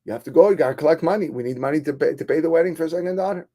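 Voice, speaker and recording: A man's voice: fairly high pitch, rapid-fire, dark tone, pitched above the performer's own voice, lightly acted. A man voicing an insistent, practical wife who hurries her husband along. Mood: urgent. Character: urgent, practical wife and mother.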